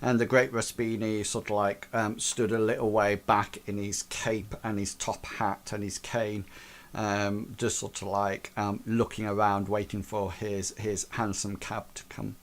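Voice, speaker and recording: A man's voice: on the low side, level tone, measured pace. Guy game-mastering, ums everywhere, hesitant narrating. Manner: hesitant, lots of fillers and restarts.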